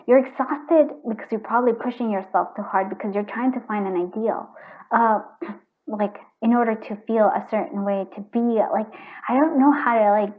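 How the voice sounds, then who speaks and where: A woman's voice: on the high side, moderate pace. A woman doing a casual tarot card reading, chatty and earnest, thinking aloud and restarting her sentences. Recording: tinny phone-like sound.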